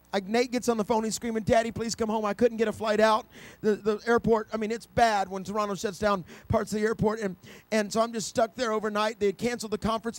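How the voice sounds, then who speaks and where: A middle-aged man preaching a sermon in a notably high voice, recorded dry and close with almost no room sound. He tells personal stories and often stumbles and restarts his sentences. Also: no room sound. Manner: builds to loud, high-pitched preaching; storytelling, with repeated restarts.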